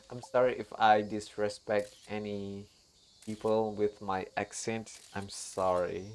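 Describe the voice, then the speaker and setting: A woman's voice: a bass voice, flat delivery, slow, darkish tone, slight background noise. A woman streamer chatting casually while playing, laughing often and apologizing to her viewers. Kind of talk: casual gaming stream chat. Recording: faint game music behind.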